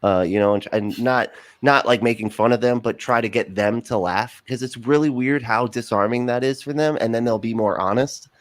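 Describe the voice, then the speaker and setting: A man talking casually as a podcast guest, rambling with many fillers and quick laughs. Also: medium pitch, no echo.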